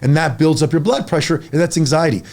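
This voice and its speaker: A fitness coach in his forties talks on a laid-back podcast, his voice sitting on the high side with some vocal fry. He's emphatic and lively, firing off quick bursts and repeating words.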